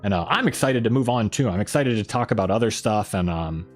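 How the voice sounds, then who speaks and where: A man's voice: on the low side, animated, fairly quick, soft background music. A man hosting a casual live stream, rambling along and reading viewer comments aloud.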